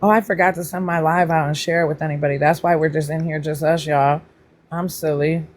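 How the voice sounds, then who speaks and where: A chatty woman hosts a casual livestream and talks straight to her viewers. She greets people by name in a voice that leaps up high, then drops back down to relaxed, playful teasing. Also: fairly quick. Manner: pitch jumps up high when greeting people. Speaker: livestream host.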